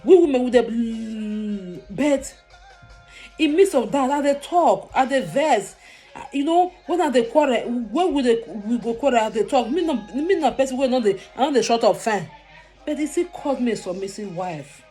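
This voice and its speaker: A woman's voice: high-pitched, moderate pace, soft background music. Emphatic Nigerian Pidgin-speaking woman. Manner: animated, emphatic and repetitive. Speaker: vlogger. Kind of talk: casual monologue to camera.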